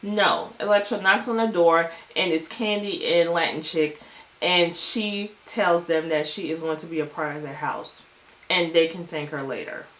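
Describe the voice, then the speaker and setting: Woman vlogger with a lowish voice, swearing and lively as she recaps a show, echoey room. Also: normal speed. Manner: animated, profane storytelling. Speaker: TV show reviewer. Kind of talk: casual episode recap vlog.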